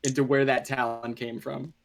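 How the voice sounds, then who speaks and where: A woman playing a tabletop game, chatting excitably and laughing often. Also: extremely low pitch, moderate pace, creaky. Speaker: player. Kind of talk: casual game chat.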